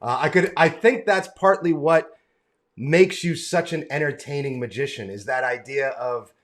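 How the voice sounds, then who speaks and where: A man's voice: fairly high pitch, moderate pace. An American man hosting a casual video-call interview, enthusiastic and friendly, calling his guest brother and man. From United States. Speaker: interview host.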